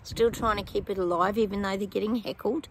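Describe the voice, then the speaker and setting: A woman's voice: medium pitch, steady tone, brisk, slight background noise. A woman giving psychic predictions to her viewers in a casual, chatty way, with many ums and apologetic asides.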